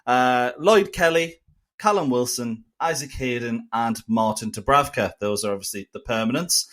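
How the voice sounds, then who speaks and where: A man hosting a casual football podcast, chatty and upbeat and quick to laugh. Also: medium pitch, fairly bright tone. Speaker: podcast host.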